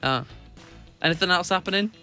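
A man co-hosting a casual radio show, teasing his partner, animated and laughing often. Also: high-pitched, fairly quick, smooth, soft background music. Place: radio studio.

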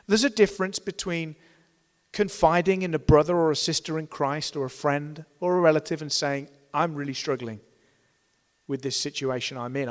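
A man's voice: a little high, in a large hall. A man preaching a sermon, earnest, asking rhetorical questions and acting out the complaints of a crowd in raised tones.

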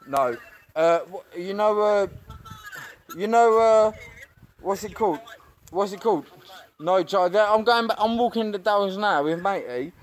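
A man's voice: high voice, lively intonation, unhurried, long pauses. A young man ranting and swearing at someone on the phone in the street, repeating his complaints over and over. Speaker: passer-by on the phone. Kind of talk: heated phone call in the street. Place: outdoors in the street. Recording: noisy outdoor street recording.

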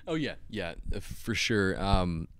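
Casting: relaxed joking co-host, man, lowish smooth voice. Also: slow, no echo. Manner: relaxed, joking, fillers like "I mean". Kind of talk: casual live chat.

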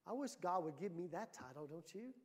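High-voiced animated preacher man. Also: brisk. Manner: animated storytelling preacher, rising to loud emphasis. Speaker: pastor. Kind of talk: sermon.

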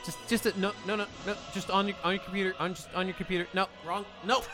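A man's voice: high voice, little pitch movement, quick pace, over music. A man co-hosting a casual comedy podcast, trading crude, teasing banter with his friend. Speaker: podcast co-host. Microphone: headphones and computer mic.

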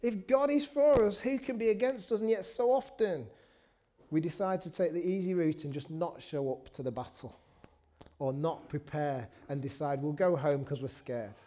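Casting: a male preacher with a high, light voice, chatty and storytelling, jokes at his own expense. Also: normal speed, dark tone. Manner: chatty storytelling with self-deprecating asides. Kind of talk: sermon.

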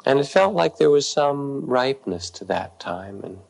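A man, a meditation teacher, telling a story in a soft-spoken, unhurried way with pauses between short phrases. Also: mid-range voice, big pitch swings, creaky, low-quality recording. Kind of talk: storytelling dharma talk.

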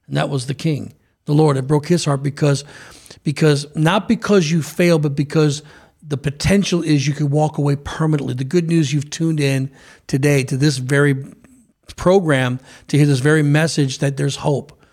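Male preacher, gravelly, slightly high voice, fervent broadcast sermon. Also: steady tone, normal speed, a little mellow. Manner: fervent, repetitive restarts. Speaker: preacher and co-host.

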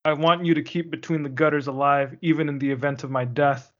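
A man's voice: fairly high pitch, steady tone, fast, lo-fi sound. A man hosting a podcast in casual chat, easygoing and earnest. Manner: easygoing, earnest, signs off the show. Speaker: podcast host.

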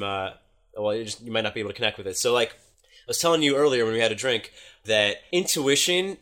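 A man on a casual podcast, telling a dating story in an animated way and swearing freely. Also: medium pitch. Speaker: dating coach.

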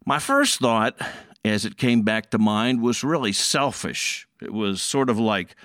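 A man tells a story in a relaxed, folksy, conversational manner. His pace is slow and measured, and the close recording is dry with no room sound. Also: fairly low pitch, no room sound.

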